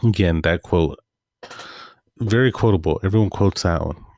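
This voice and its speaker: Male solo host, deep voice, dry close sound, rambling casual monologue. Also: normal speed, vocal fry, a little mellow, no room sound. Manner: rambling, loose and offhand with fillers. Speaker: podcast host.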